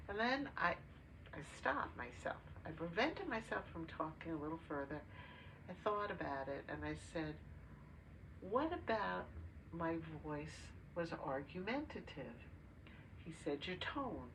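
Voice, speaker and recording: An older woman co-hosting a podcast, telling a family story in casual chat with pauses and filler words. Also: low voice. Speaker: podcast co-host. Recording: distant mic with faint noise.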